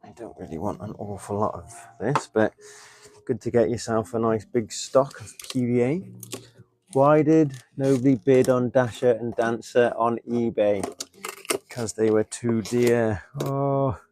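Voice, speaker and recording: A man's voice: medium pitch, unhurried, background noise. A man chatting casually on a live stream while he builds a model, muttering as he works and answering viewers. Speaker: model railway hobbyist streamer.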